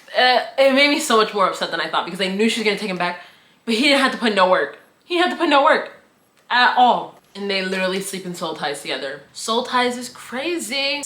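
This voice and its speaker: Chatty young woman, bright echoey voice. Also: mid-range voice. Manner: chatty and opinionated, heavy slang and filler "like". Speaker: reality show recap vlogger. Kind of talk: casual recap commentary.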